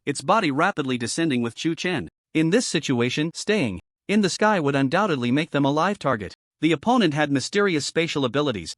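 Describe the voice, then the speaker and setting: A man narrating a fantasy story recap in a dramatic, expressive storytelling manner. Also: a little high, dry recording, clean studio sound.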